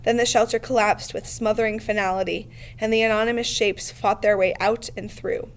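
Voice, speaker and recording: A woman reading a novel aloud in a steady, measured way. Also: mid-range voice. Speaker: reader.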